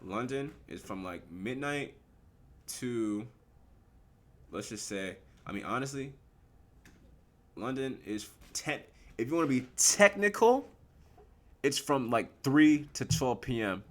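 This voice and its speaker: A young man giving casual live commentary on his forex trades, slangy and relaxed, asking and answering his own questions. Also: mid-range voice, slow, long pauses.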